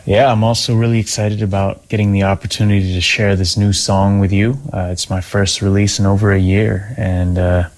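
A man's voice: lowish voice, little pitch movement, normal speed, few pauses, a little mellow. A man leaving an earnest voicemail message for a friend.

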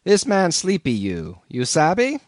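A man playing a grinning, jovial innkeeper who teases with easy humor. The voice lifts higher and louder, amused and offhand. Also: huge pitch swings, a little slow, no echo, studio quality.

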